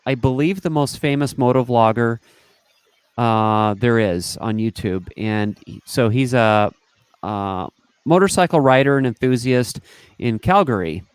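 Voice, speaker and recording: Man, host, casual live-stream chat, rambling, smooth clear voice, dry close sound. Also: mid-range voice, unhurried, dry recording. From Northern California. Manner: rambling, loses his train of thought. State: has had a beer.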